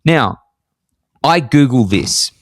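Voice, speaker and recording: Man telling an animated story. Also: slow, no echo. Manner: animated, jumps high in pitch for emphasis. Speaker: podcast co-host. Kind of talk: casual storytelling chat. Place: apartment in Scotland.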